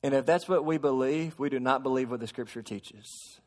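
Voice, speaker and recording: A man preaching a sermon to a congregation, shifting from soft explaining to loud, emphatic preaching and asking them questions. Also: mid-range voice, normal speed. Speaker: pastor. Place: church sanctuary. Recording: long hall reverb.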